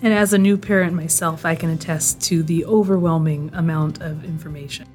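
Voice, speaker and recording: A woman with a somewhat low voice co-hosts a parenting podcast. She introduces listener questions in an upbeat, steady manner. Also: a little fast, soft background music. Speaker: podcast co-host.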